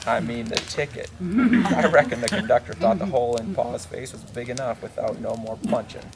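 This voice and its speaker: A man's voice: medium pitch, moderate pace, very noisy. A man telling a folksy comic monologue at a campfire in hick dialect, chuckling at his own punchlines. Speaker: campfire storyteller. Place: outdoors at a campfire.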